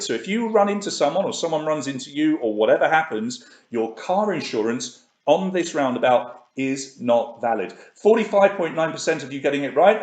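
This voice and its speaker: Chatty male quiz host, echoey room. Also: on the high side. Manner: chatty, reads questions and options twice. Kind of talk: live online quiz hosting.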